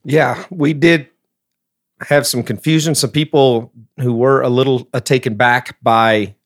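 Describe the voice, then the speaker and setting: A man's voice: medium pitch, steady tone, a little slow. A man who is a pastor, talking emphatically in a casual podcast discussion and reading scripture passages aloud.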